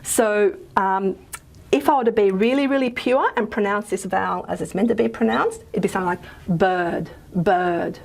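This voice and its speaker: A woman's voice: medium pitch, brisk, vocal fry. A woman with an Australian accent giving a recorded phonetics lecture, chatty and informal, with frequent fillers and self-corrections. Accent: Australian English.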